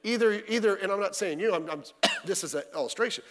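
A man's voice: high-pitched, expressive, fast, a bit bright, soft background music. A male pastor giving a midweek sermon in church, talking in a folksy, conversational way with lots of rhetorical questions. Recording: reverberant church hall.

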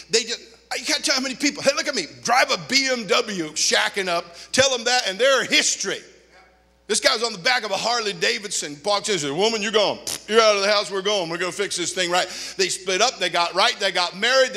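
Male pastor, fairly high, gravelly, bright edge; storytelling sermon in a reverberant hall. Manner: animated anecdotes, acts out quoted people.

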